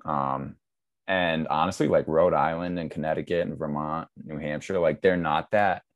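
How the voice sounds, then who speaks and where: Deep voiced young guy from mass, slight local accent, rambly and laid back, tons of likes. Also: steady tone, normal speed, lo-fi sound. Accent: Massachusetts. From Massachusetts. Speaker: guest, TikTok creator. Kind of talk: casual chat.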